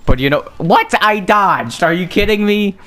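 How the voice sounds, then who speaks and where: A man's voice: high-pitched, animated, moderate pace, pushed and bright. A young man giving casual gameplay commentary, rambling on tangents and joking at his own expense. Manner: rambling, joking, self-mocking. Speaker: gaming streamer.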